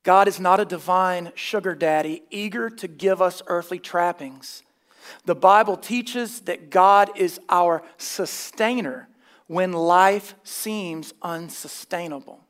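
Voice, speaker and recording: High-voiced man preaching a sermon. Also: slow, a bit bright. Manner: emphatic, scornful of false teaching, dry humor.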